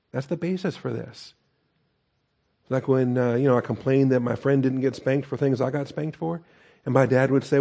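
A middle-aged pastor preaching in a relaxed, conversational way and dropping in joking asides. His voice is mellow and dark. His pitch sits in the ordinary middle range for a man. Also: normal speed, creaky. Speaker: pastor teacher. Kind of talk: sermon.

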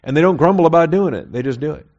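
A man pastor teaches through a Bible passage in a conversational expository sermon, posing rhetorical questions and checking in with "okay?". His voice sits on the high side and is expressive, very fast and a little mellow. The recording is slightly muffled and dull.

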